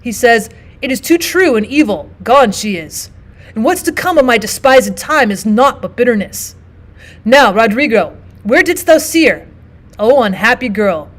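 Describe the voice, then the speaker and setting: A bitter, distraught old father , read aloud by a woman, declaims his lines of verse with rising anguish. The voice sits fairly high and lifts higher on the cries. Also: animated, moderate pace. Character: grieving older nobleman father, bitter and distraught.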